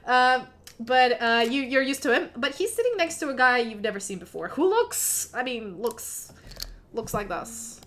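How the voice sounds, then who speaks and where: A woman's voice: on the high side, sing-song, moderate pace, fairly bright tone, a little hiss or hum. A woman narrating as game master of a tabletop fantasy game, chatty and given to laughing asides.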